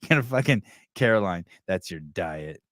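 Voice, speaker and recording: A man's voice: deep voice, animated, normal speed, a bit bright, no echo, studio quality. A man hosting a podcast, chatting casually in a crude, joking way and laughing often. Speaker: podcast host.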